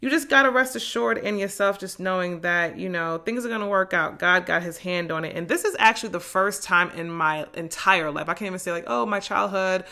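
A young woman from New Jersey hosting a podcast, talking in a casual, slangy motivational monologue. She is animated and laughs often, swinging from loud bursts to hushed, low asides. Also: fairly quick, hardly any pauses. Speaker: podcast host.

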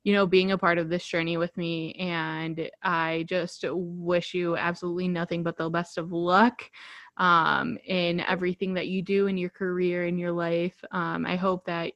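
A young woman in her twenties hosts a casual podcast and chats warmly with her guest. Her talk is full of ums and you-knows, gushing and thankful, recorded close and dry with no room sound. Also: on the low side, little pitch movement, normal speed, dry recording, highs cut off. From Chicago, USA. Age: 20s. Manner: gushing, heavy fillers like um and you know. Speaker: podcast host.

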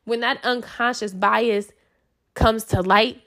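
A woman's voice: fairly high pitch, fairly even intonation, takes it slowly, a bit bright. A woman sharing a personal story in a casual, chatty way, full of fillers and self-corrections. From United States. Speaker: speaker sharing personal experience.

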